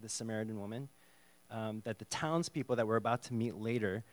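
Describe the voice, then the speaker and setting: A man's voice: on the low side, a little fast. Conversational man teaching from the Bible. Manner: conversational, animated, acts out the dialogue. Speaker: preacher.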